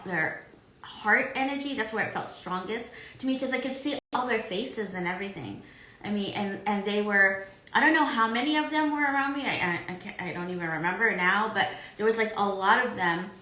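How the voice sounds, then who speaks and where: A woman in casual conversation, recounting a spiritual experience haltingly with many repeated words. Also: medium pitch, bright, forceful tone, roomy sound, low-quality recording. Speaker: podcast co-host.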